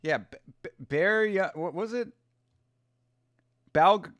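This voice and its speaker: A man's voice: sits high, lively intonation, takes it slowly, pauses often, a bit bright, no echo, studio quality. Casual, cursing livestream host, man. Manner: loose, profane, joking, talking to chat. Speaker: watch-along host. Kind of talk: casual livestream chat reacting to fights.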